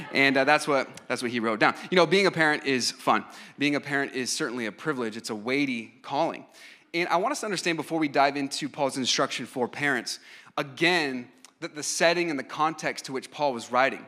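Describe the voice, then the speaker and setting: A man's voice: medium pitch, fairly quick, sharp tone. A man in his thirties preaching a sermon in an earnest, emphatic way, with frequent fillers and restarts. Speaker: pastor.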